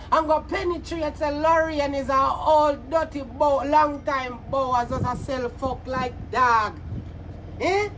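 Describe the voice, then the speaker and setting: Speaking straight to the camera, a Jamaican woman vlogger with a high-pitched voice delivers an angry rant full of insults, mocking and cursing in heated bursts. A faint hum of background noise runs beneath her.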